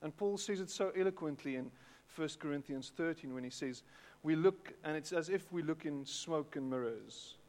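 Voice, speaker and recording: In an echoey church hall with long reverb, a pastor with a South African English accent preaches at a moderate pace with hardly any pauses. His voice is a little high with a darkish tone, and he chats with the congregation while frequently repeating words.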